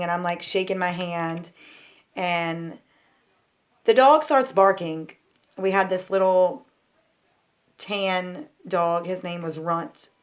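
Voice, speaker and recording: Woman, slightly low voice, casual storytelling, rambling, lots of "like" and "um", candid and chatty. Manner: rambling, full of "like" and "um" fillers; chatty and candid, talks straight to viewers. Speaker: vlogger.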